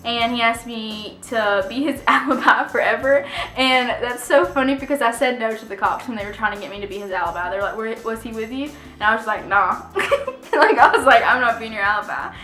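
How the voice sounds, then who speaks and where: Bright, animated young woman vlogger. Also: fairly high pitch, brisk, reverberant, faint music behind. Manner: animated, laughing often, many "like" fillers. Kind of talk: casual storytime.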